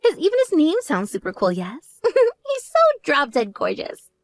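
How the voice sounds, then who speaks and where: Lady doing bratty vain younger sister, shrill and mocking, bouncy pitch, dead dry mic. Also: wildly swooping pitch, moderate pace, warm tone, no room sound, soft background music. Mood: boastful. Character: spoiled vain young woman, bratty and boastful.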